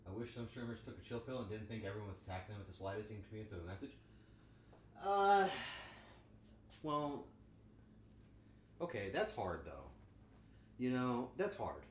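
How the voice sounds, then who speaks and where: Cooking in his home kitchen, a streamer with a voice on the low side speaks at normal speed but pauses often. The audio sounds roomy with slight hiss or hum as he jokes crudely and animatedly with his viewers.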